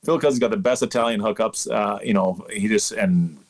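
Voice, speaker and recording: A man in his thirties from Canada, a guest umpire chatting casually and telling rambling, animated stories. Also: on the low side, fairly quick. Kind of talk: casual interview chat.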